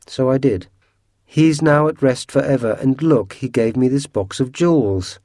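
A man voicing a brave, kind young girl, earnest and gentle in a storybook reading. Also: medium pitch, unhurried, dry recording, clean studio sound, lightly acted.

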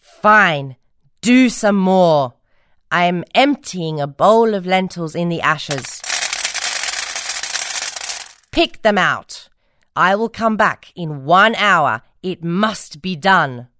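A woman voicing a cold, bossy middle-aged stepmother in a storybook, slow and commanding. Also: on the low side, animated, fairly bright tone, clean tone, no room sound, studio quality.

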